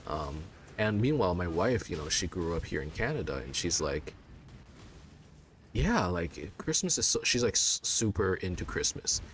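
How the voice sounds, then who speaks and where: A man's voice: low voice, lively intonation, moderate pace, few pauses, a little hiss or hum. A man in his thirties from China, chatting casually and telling a rambling story with lots of fillers and restarts. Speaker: let's play gamer. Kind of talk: casual chat.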